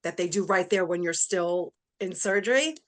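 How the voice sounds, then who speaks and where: A woman's voice: lowish voice, moderate pace. Middle-aged woman, interview guest, emotional first-person storytelling, performs quoted voices.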